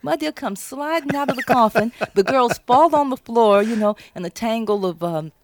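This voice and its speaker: A woman's voice: a little high, animated, normal speed, a little hiss or hum. A woman, an author being interviewed, who tells her story with animation and acts out her characters' lines. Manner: thoughtful, with many restarts. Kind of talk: interview talk about her novel.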